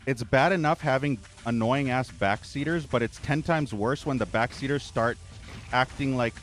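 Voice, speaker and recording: A man's voice: mid-range voice, moderate pace, fairly bright tone. A man streaming a video game, complaining and cursing as he plays. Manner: irritated, cursing, ranting. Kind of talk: gameplay commentary.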